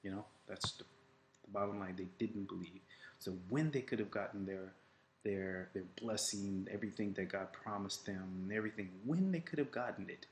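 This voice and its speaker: Casual male faith coach, lowish voice, roomy echo, faint hum behind. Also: normal speed. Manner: casual, retells scripture with quoted voices; many fillers and restarts. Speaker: life coach. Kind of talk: informal faith teaching. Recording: echoey room with faint ambience.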